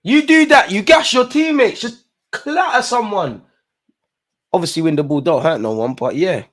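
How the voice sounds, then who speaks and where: A lively man commentating a football match live from home, his voice swinging wildly from low grumbles to yelps. He talks in a slightly raised register, swears often and shouts at the players and referee in heavy street slang. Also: moderate pace. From England. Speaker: football watchalong host.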